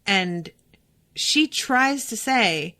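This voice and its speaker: A woman's voice: medium pitch, drawn-out words. A woman hosting a podcast, recapping a TV episode in a casual, emphatic way, swearing freely and talking straight to her listeners. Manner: animated, emphatic, talks to listeners directly. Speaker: podcast host.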